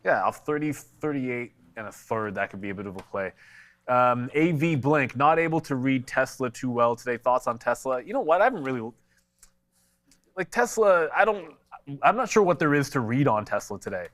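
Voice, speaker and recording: A man's voice: medium pitch, expressive, moderate pace, fairly bright tone. A man co-hosting a live stock market show, giving blunt, conversational trading commentary and answering chat questions, a little congested from allergies.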